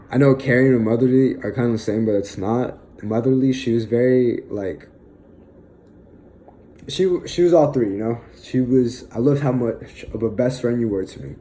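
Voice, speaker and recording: A young man in an emotional personal monologue, halting and filled with pauses, sighs and fillers, sounding close to tears. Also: medium pitch, mellow, slight background noise, low-quality recording. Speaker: vlogger.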